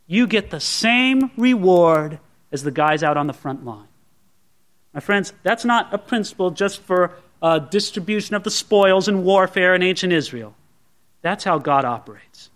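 A male pastor preaching a sermon, telling the story in an animated way and speaking straight to his congregation. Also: high-pitched. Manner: animated storytelling, addresses the listener directly.

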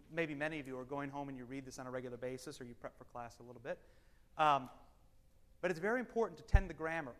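A man teaching a Bible study class, animated and wry, swinging between loud emphasis and quiet asides. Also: on the high side. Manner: wry, self-deprecating humor.

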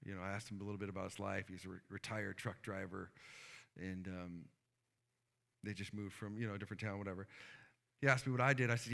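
Gravelly-voiced preacher in an echoing hall. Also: male voice, deep voice, fairly even intonation, fast, bright, forceful tone. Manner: storytelling, earnest, many fillers. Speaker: pastor. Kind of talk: sermon.

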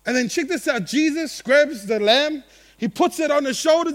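Preacher: a man with a high voice, animated, playful sermon delivery that swings between loud and soft. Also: moderate pace. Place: church gathering.

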